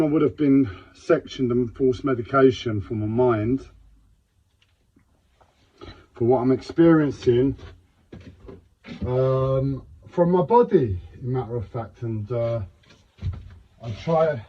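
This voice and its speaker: A man's voice: mid-range voice, slow, pauses often, dark tone. A man talking unscripted on a live stream, in physical pain and distressed, with raw, repetitive speech and heavy swearing. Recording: dull lo-fi live-stream audio.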